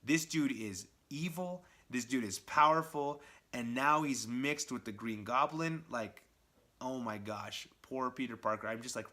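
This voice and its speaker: A man giving an excited, chatty review of a comic book, talking straight to his viewers. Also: mid-range voice, a little slow. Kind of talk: casual video review.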